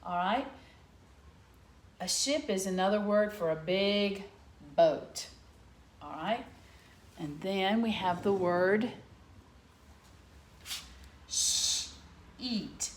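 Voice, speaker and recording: A middle-aged woman teaching young children a phonics lesson from home into a laptop camera, sounding out letters slowly and clearly. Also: mid-range voice, echoey room. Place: home room.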